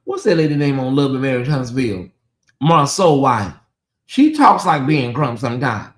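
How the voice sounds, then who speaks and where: A man's voice: medium pitch, sing-song, moderate pace. A man with a Southern US accent hosting a casual livestream, talking straight to his viewers and reading out and answering their chat. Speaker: livestream host.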